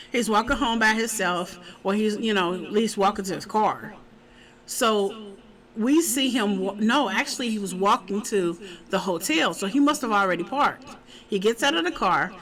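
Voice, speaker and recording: A woman talks through a TV episode in a relaxed, chatty way at a mid-range pitch. She gets animated as she retells scenes and acts out what the characters say. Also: rough recording. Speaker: TV show reviewer. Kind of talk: casual episode recap.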